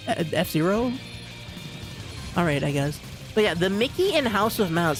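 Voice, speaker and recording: Excitable streamer rambling on a live stream, trips over words a lot, faint music in the back. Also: medium pitch, normal speed. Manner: rambling, stammering restarts, excitable. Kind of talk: casual stream chat.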